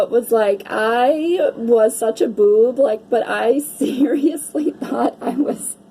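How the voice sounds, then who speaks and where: Chatty female card reader, mellow tone, gushes and swears casually, faint background hiss. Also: on the high side, rough recording. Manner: gushing, chatty, peppered with "right?" and mild swearing. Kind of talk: casual card-reading chat to viewers.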